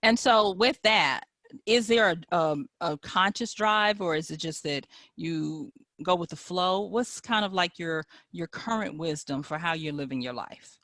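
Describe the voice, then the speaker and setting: A woman interviewer in a dry, close recording asks her questions with open curiosity. She stumbles through repeated words as she feels her way toward the point, with quick murmurs of agreement in between. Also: on the low side, a bit bright, no room sound. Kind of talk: conversational interview.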